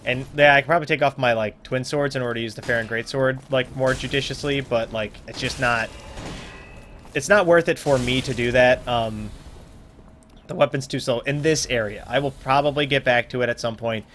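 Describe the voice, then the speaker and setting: A young man talks through his gameplay in a loose, rambling way, poking fun at himself and letting sentences fade into mumbles. His voice sits at an ordinary pitch for a man. A faint hiss runs under the desk-mic recording. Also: brisk, a bit bright. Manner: rambling, self-mocking, trails off into mumbles. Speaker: let's play host. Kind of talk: casual gameplay commentary.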